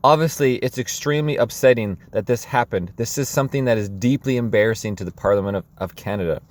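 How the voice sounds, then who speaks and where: A man's voice: medium pitch, fast, lightly acted. A man putting on a sarcastic, put-on accent to mock a male politician's statement. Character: mocking impression of a male politician.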